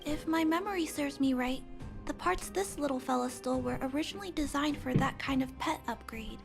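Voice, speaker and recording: A woman voicing a kind young girl who fixes robots, speaking softly, earnestly and thoughtfully. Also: high-pitched, fairly quick, vocal fry, faint music behind. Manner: soft, earnest, thoughtful explaining.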